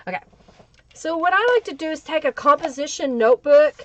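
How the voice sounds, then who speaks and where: A woman runs a live crafting tutorial, her high voice animated and fairly quick. She keeps up a steady stream of chatter and calls out viewers in the chat by name, heard through dull, lo-fi livestream audio.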